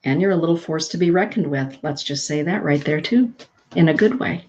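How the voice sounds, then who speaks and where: A woman hosting a live-streamed spiritual show, greeting viewers by name and giving card readings in a soft, affirming, chatty way. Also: low-pitched, brisk, slight background noise. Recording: dull lo-fi stream audio.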